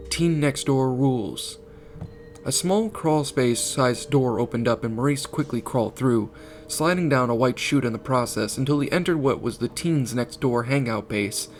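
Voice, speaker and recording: A male narrator reads a fan story at a middle pitch, in plain storytelling tones. Soft music plays quietly underneath his voice. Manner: reads dialogue in raised, animated character voices. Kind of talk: storytelling reading with character voices.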